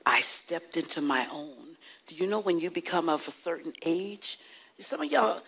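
Woman, preacher, low-ish husky voice, sermon, call and response, slow stretched emphasis. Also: very animated, fairly bright tone, rough recording. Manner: call-and-response preaching, dramatic slowed emphasis, acts out anecdotes. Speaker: prophetess preaching.

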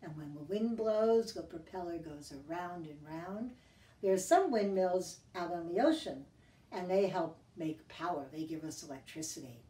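A woman hosting a children's library storytime, talking to kids in a gentle, teacherly sing-song and reading a picture book aloud. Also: lowish voice, normal speed, recorded from a distance. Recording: echoey room, voice off-mic, guitar behind.

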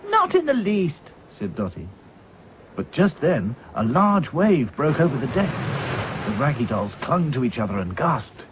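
A man narrating a children's story in a lively, expressive way. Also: medium pitch, a little slow. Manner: lively, voices every character himself. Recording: slightly dull with faint hiss.

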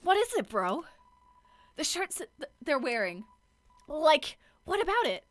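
A young woman streaming a video game, excitable and loud, who swears often and keeps squealing and exclaiming. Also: high-pitched, unhurried. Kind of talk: live gaming stream commentary.

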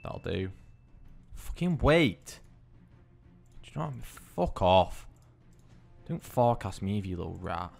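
A man hosting a gaming video, giving excitable gameplay commentary, swearing constantly and bursting into yells. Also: low voice, normal speed, creaky, soft background music.

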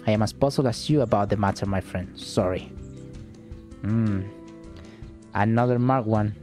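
Brief: man doing a grave, formal adventurer, mellow and dark. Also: on the low side, normal speed, faint music behind, lightly acted.

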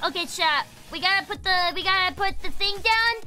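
A woman's voice: very high-pitched, brisk, bright, forceful tone, soft background music. A woman streaming a game, chatting playfully with her audience and slipping into silly voices. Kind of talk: casual gaming stream chat.

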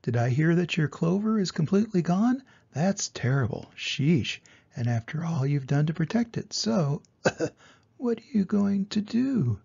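Storybook gopher, male, sly and giggly, older man voicing it with a raised, quick patter, gravelly edge. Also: a little high, sing-song, darkish tone, lo-fi sound, heavily acted. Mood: nervous cheery. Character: sly chatty male gopher, clover thief.

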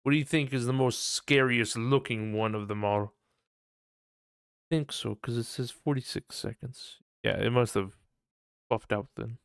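A man's voice: medium pitch, fairly even intonation, a little slow, creaky, clear, resonant tone, no room sound, clean studio sound. A man streaming a video game live, chatting and thinking aloud as he plays. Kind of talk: casual live-stream commentary.

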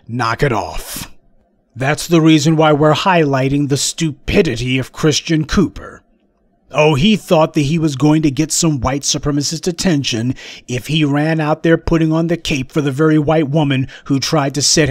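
Forceful, sarcastic male commentator. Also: fairly high pitch, no echo, studio quality. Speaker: host. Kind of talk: political commentary monologue.

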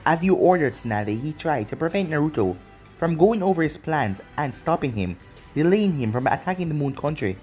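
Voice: medium pitch, big pitch swings, normal speed, a little mellow, soft background music, lightly acted. A narrator voicing a nervous village aide who reports bad news. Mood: urgent. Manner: urgent, hesitant.

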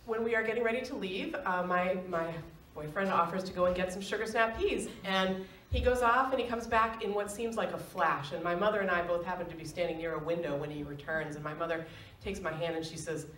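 A middle-aged woman telling a personal story on a stage, animated and laughing often as she acts out quoted voices. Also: fairly low pitch, a little fast, slight background noise. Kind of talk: live storytelling. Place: stage in an arts center. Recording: roomy, distant live stage recording.

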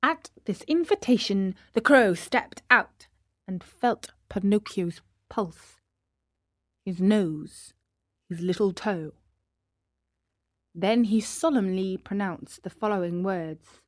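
Slow, careful woman storyteller. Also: mid-range voice, no room sound, studio quality. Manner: careful, clear narration. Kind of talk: slow storybook reading for learners.

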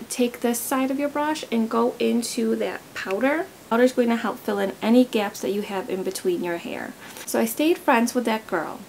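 Chatty young woman with a gravelly voice. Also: on the high side, a little mellow, a little hiss or hum, rough recording. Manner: chatty, rambling storyteller. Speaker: beauty vlogger. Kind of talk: casual makeup tutorial with storytelling. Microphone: camera close by.

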